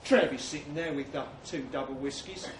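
A man's voice: a little high, brisk, a little hiss or hum. A man reading a crude comic story to a laughing audience, acting out blokes' lines with swagger. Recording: echoey room from far off.

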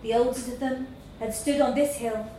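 A woman reading a literary story aloud in a slow, measured storytelling manner. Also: high voice, steady tone, dark tone, slight background noise. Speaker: narrator. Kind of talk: scripted narration of a literary story. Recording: echoey room with faint ambience.

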